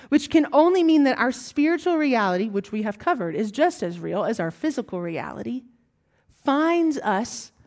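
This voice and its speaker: In a high-pitched voice with a Southern US accent, a woman preaches a sermon. Her lines rise emphatically, broken up by hushed, whispered asides.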